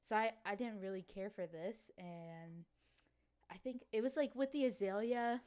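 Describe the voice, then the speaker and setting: Woman co-host, slight Cajun accent, smooth clear voice, chatty and loose. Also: mid-range voice, darkish tone. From Louisiana. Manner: chatty, lots of "like" and quick laughs. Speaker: podcast co-host. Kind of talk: casual chat.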